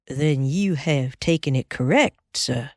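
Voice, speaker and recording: A woman voicing a grave, soft-spoken Southern cowboy in an audiobook, polite and slow in a Southern drawl. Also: very deep voice, dry recording, clean studio sound, pitched below the performer's own voice. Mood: grave, civil. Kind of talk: audiobook character voice.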